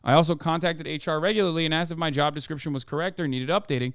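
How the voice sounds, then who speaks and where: A man's voice: fairly high pitch, fairly even intonation, rapid-fire, a bit bright, clean tone, dry recording, clean studio sound. A man putting on an Icelandic accent to read aloud an earnest open letter, written in the first person. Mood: matter-of-fact. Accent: put-on Icelandic.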